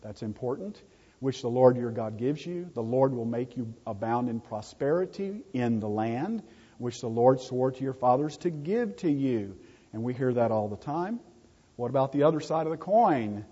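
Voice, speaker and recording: A man preaching a sermon in a husky, mellow voice, hammering home his points by repeating words. The sound is dull and lo-fi, with a long reverb trailing off the walls of a hall. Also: mid-range voice, lively intonation, moderate pace. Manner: emphatic, repeats key words for stress.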